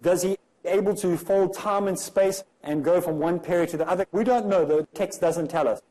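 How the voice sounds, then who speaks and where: A man's voice: sits high, moderate pace, dark tone, poor audio. Man lecturing with rhetorical questions. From South Africa. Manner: rhetorical, emphatic, many questions. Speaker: religious lecturer. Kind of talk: comparative religion lecture.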